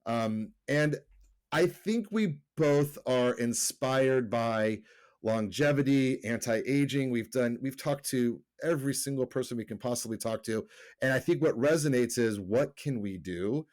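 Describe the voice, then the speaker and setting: A man's voice: medium pitch, measured pace, darkish tone. A middle-aged man co-hosting a podcast remotely, chatting casually, rambling and correcting himself as he goes. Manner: rambling, self-correcting, laughs easily. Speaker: podcast co-host. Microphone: remote call.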